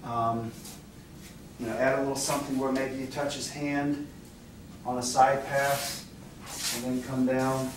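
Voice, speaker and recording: A male dance instructor demonstrating moves while he explains, talking in a relaxed, halting way with many fillers and restarts, recorded by a far camera mic in a dance studio. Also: mid-range voice, background noise. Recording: very echoey room, off-mic.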